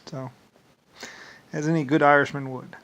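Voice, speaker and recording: A man's voice: fairly high pitch, little pitch movement, moderate pace, gravelly, a bit bright. A man vlogging in a rambling casual monologue, full of filler words and repeated words, with dismissive shrugging asides.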